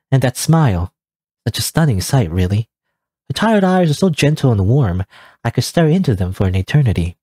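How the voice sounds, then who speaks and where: A fragile, self-loathing teenage schoolgirl narrating her own thoughts in a game, as a man reads her aloud. Her words come apologetic and brittle, in a mellow, husky voice with wide pitch swings. Faint music sits underneath. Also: dry recording, clean studio sound.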